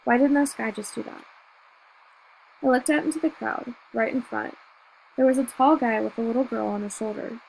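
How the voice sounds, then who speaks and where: Woman audiobook reader, first-person novel, steady and measured, gravelly, fairly high. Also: a little hiss or hum, poor audio.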